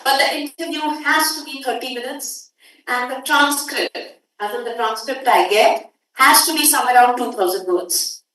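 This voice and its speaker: A woman's voice: high-pitched, normal speed, a bit bright. A woman with an Indian English accent giving an academic workshop lecture, emphatic and putting questions straight to the audience. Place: conference hall. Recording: echoey hall, distant mic.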